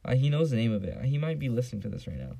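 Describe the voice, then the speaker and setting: A man's voice: mid-range voice, big pitch swings, racing, creaky, warm tone, husky. Rambling, profane young male podcaster. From San Diego area, US. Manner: rambling, profane, frequent fillers. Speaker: podcast host. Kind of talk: casual solo podcast rant.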